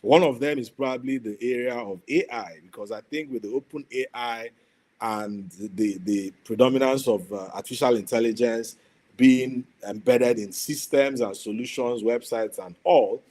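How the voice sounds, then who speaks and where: A man, speaking as a guest on an online panel over a video call, measured and pausing with fillers. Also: medium pitch, dark tone. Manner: measured, many fillers and restarts.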